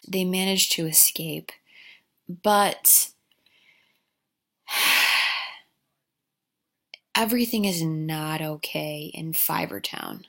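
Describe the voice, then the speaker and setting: A woman's voice: on the low side, slow, vocal fry, pauses often, fairly bright tone. A woman comically recapping a movie plot, full of sarcastic, profane asides.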